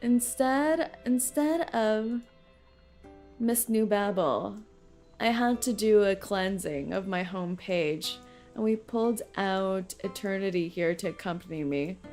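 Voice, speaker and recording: A young woman VTuber streams a game with faint game music behind her, chatting casually and often breaking into laughter. Her voice is medium-pitched and darkish, and she takes her time speaking.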